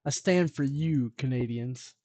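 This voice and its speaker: A man hosting a live music stream, chatting with viewers in a loose, joking way, drawing words out slowly for comic effect. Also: medium pitch, a little mellow, no room sound. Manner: joking, rambling banter with viewers. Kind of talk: casual chat on a live stream.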